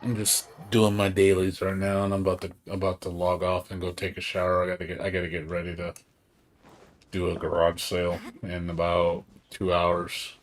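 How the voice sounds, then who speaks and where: A man chatting casually on a live game stream, rambling and excitable, swearing often and tired from staying up all night. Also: deep voice, moderate pace.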